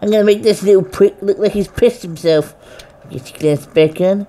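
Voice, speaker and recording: A woman's voice: medium pitch, moderate pace, music in the background. A woman giving let's play commentary, swearing and taunting the game's characters as she speaks as the goose herself. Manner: foul-mouthed, taunting, role-playing as the goose in first person. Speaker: gamer.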